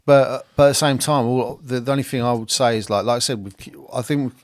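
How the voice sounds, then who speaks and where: A man's voice: mid-range voice, fairly even intonation, fast, no room sound. A man co-hosting a casual film podcast, blunt and sweary, rambling with lots of fillers. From second-generation Irish. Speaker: podcast co-host.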